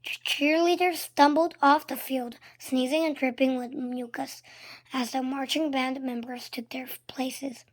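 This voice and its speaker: A woman reading a children's book aloud, expressive and sometimes dropping to a hush. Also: high-pitched, unhurried. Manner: expressive, shifting between loud and hushed. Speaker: storybook reader.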